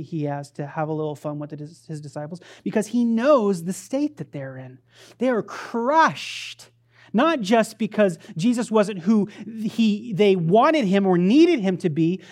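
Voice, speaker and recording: A woman preacher giving a sermon in a conversational, playful, animated storytelling manner. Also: mid-range voice.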